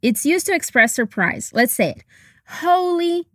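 A woman teaching English, leading slow repeat-after-me drills and coaching pronunciation in a careful, encouraging way. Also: a little high, sing-song, a bit bright, no room sound, studio quality.

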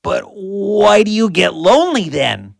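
A woman's voice: medium pitch, very animated, a little slow, vocal fry, no room sound, studio quality, full character voice. A woman voicing a cold, hungry, grumpy male wolf in a children's story. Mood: puzzled.

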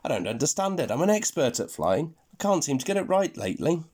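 A man voicing a short, clumsy, gentlemanly male spaceman, polite and fussy. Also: fairly high pitch, very animated, quick pace, slightly rough, pitched above the performer's own voice. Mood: dismayed. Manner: polite, fussy, self-pitying.

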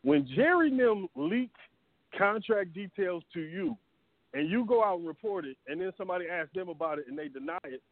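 A man calling into a sports talk show, ranting in an animated, exasperated way. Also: high voice, brisk, no echo. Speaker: regular caller. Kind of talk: casual sports talk call-in. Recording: dry tinny phone line.

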